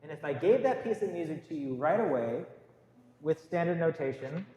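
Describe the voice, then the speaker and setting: A man's voice: a little high, lively intonation, moderate pace, mellow, dull audio. A man teaching a guitar class, counting beats and calling out note letters for his students to say together. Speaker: music teacher. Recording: echoey room, faint noise.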